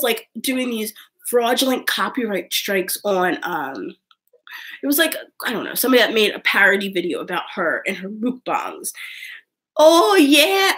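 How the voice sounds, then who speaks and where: A woman's voice: mid-range voice, a bit bright. A young woman hosting a casual live stream, rambling through chat comments with lots of "like" and frequent laughter. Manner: chatty, rambling, heavy use of "like", frequent laughs.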